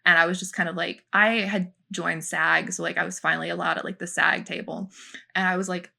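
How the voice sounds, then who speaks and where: A young woman co-hosting a podcast, telling animated behind-the-scenes stories in casual chat full of fillers. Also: lowish voice, brisk, creaky. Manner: animated storytelling, many fillers. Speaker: podcast co-host, former film extra.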